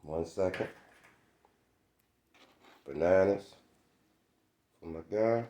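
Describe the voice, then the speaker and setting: A man's voice: low voice, drawn-out words, mellow, a little hiss or hum. A man just woken up, chatting casually in slang to his viewers while feeding his dogs. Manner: laid-back slangy chat, keeps asking "you understand me". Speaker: dog owner vlogger. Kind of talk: casual vlog talk to camera. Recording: roomy echoey sound.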